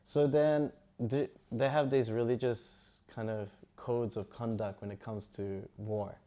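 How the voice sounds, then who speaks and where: A man retells an epic tale for a scripture class, loose and conversational and full of fillers. His voice is mellow and dark, and his pitch sits in the middle. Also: steady tone, unhurried. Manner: casual, rambling, full of fillers. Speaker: spiritual teacher.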